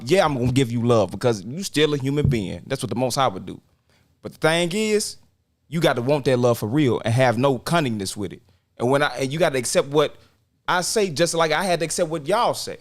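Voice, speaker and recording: Passionate man with a higher voice. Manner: passionate, preacher-like emphasis. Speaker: podcast co-host. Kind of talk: casual discussion.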